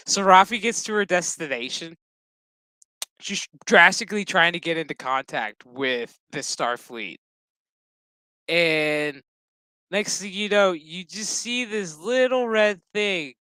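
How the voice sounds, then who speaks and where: A man with a bright, forceful, slightly high voice recaps a TV episode in loose, profane chat. His tone is smooth and clear, and he slips into the characters' lines as he tells it. The sound is close and dry. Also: lively intonation, slow, long pauses, no room sound, rough recording. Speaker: show recap host.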